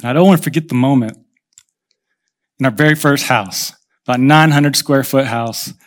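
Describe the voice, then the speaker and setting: A man's voice: mid-range voice, moderate pace. A man in his thirties preaching a sermon as pastor, telling stories conversationally and acting out the voices of people in them. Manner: conversational storytelling, acts out quoted voices.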